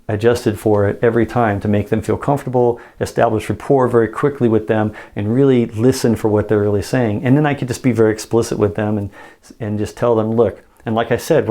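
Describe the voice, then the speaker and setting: A man's voice: medium pitch, warm tone. A man teaching sales communication in a casual monologue, acting out example dialogues with frequent restarts.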